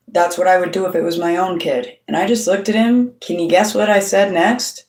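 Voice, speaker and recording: A woman's voice: lowish voice, fairly even intonation, fairly quick, hardly any pauses, darkish tone, far from the mic. Blunt, swearing woman in a roomy space. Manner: blunt, heavy swearing, storytelling with quoted voices. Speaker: channel host. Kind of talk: casual monologue to camera. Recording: roomy sound, voice off-mic.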